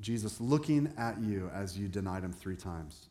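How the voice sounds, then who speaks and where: A man's voice: on the low side, animated, normal speed, warm tone. A man preaching a sermon as a pastor, talking conversationally and asking the congregation questions. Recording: echoey hall with long reverb.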